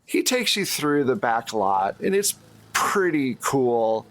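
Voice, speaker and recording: A man narrating a tabletop horror game as game master, in a relaxed, chatty way. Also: mid-range voice, takes it slowly.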